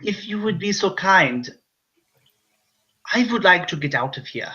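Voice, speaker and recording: A man's voice: lowish voice, slow pace, pushed and bright, highs cut off, voice pushed down. A man voicing a scheming German doctor, slipping between French and German accents. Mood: polite. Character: scheming male German doctor, captive in psych ward.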